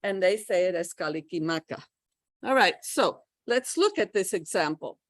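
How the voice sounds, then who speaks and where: An American woman giving a pronunciation workshop, teaching in a lively way and checking in with her listeners as she goes. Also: lowish voice, normal speed, no room sound. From United States. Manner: lively teacher, checks in with okay and all right. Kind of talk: lecturing to a class.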